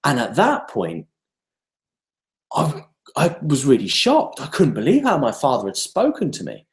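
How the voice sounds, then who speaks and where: Male self-development speaker, lively storyteller, rhetorical questions, echoey room. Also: medium pitch, measured pace. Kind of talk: live online talk.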